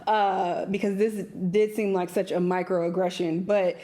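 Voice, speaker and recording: A young woman reacting to a clip in a loose, unscripted way, blunt and profane. She laughs easily and slips into mocking voices, her pitch sitting in an ordinary middle range. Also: little pitch movement, measured pace, warm tone. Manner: blunt, swearing, laughs often, mimics others. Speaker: reaction video host. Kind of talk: casual reaction commentary.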